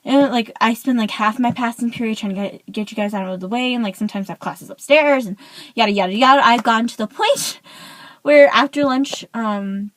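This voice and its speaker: A woman's voice: on the high side, fairly quick, no room sound, low-quality recording. A teenage girl telling a school story in a casual rant, peppering every phrase with "like.". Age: teens. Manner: chatty, says "like" constantly, animated. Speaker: vlogger.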